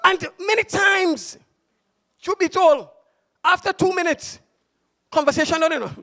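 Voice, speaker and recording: A pastor preaching a passionate sermon, mixing stories with shouted exhortation. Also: male voice, extremely high pitch, unhurried. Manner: impassioned, shouting preaching with storytelling.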